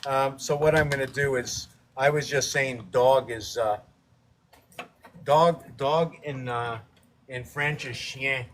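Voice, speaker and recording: A man's voice: mid-range voice, steady tone, slow pace, fairly bright tone, slight background noise. A man hosting a casual painting livestream, rambling playfully through wordplay and letter puzzles. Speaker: livestream host painting on camera.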